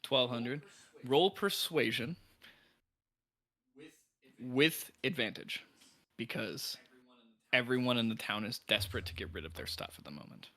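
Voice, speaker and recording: A man's voice: medium pitch, animated, measured pace, long pauses, pushed and bright. A man narrating as game master of a tabletop game, playful and often laughing as he describes scenes.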